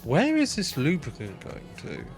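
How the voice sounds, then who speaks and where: A man's voice: a little high, wildly swooping pitch, normal speed, vocal fry, soft background music. Rambling, swearing male game streamer. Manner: rambling, self-mocking, swears casually. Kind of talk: casual live-stream gameplay chat.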